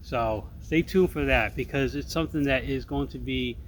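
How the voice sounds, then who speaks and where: A man's voice: mid-range voice, normal speed, slight background noise. A middle-aged man filming an outdoor vlog in the woods, earnest and upbeat as he talks to viewers, with faint outdoor sound behind him. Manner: upbeat, earnest, often says folks. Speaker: outdoor vlogger. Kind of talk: casual talk to camera.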